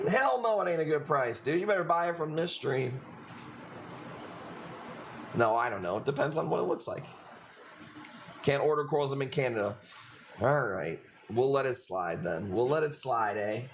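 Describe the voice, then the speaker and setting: A man's voice: mid-range voice, expressive, normal speed, pauses often, a little hiss or hum. A man with a Chicago accent hosting a live coral-selling stream, chatting casually in a loose, rambling way with plenty of swearing. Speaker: livestream coral seller. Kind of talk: casual livestream chat.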